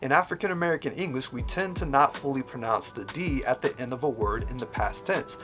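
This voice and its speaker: A man's voice: medium pitch, brisk, fairly bright tone, soft background music. A man hosting a video, explaining and analyzing how people speak in a lecturing, example-driven way. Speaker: host explaining dialect features.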